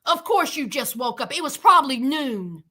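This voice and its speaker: A reality TV commentator gives a comedic, sassy recap of a reality show, mocking its cast with dramatic flair. Her voice is high, very animated, and sharp in tone, at a normal speed.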